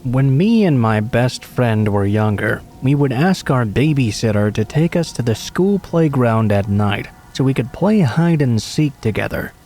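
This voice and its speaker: Mellow-voiced man narrating horror stories. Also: mid-range voice, slight background noise. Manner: steady, measured storytelling. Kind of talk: scripted narration of true scary stories.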